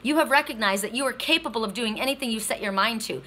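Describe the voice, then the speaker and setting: A middle-aged woman giving a casual, emotional oracle card reading, excitable and tearful, swearing freely. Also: fairly high pitch, fast, slight background noise. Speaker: tarot and oracle card reader.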